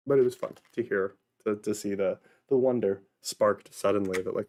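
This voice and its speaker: A man talking at home in a loose solo vlog, drifting from topic to topic with playful asides to his viewers. His voice sits a little low, with a mellow, relaxed tone. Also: brisk, few pauses. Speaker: vlogger and actor. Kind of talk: casual solo vlog monologue. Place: at home, indoors.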